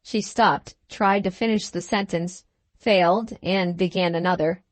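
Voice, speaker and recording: A woman's voice: lowish voice, fairly even intonation, a little slow, dry recording. Woman narrating a classic novel. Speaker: audiobook narrator.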